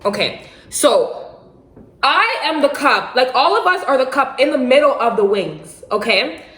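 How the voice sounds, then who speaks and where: A young adult woman casually telling a dramatic personal story for her vlog, animated and slangy with bursts of laughter. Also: high-pitched, a little slow. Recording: roomy echo.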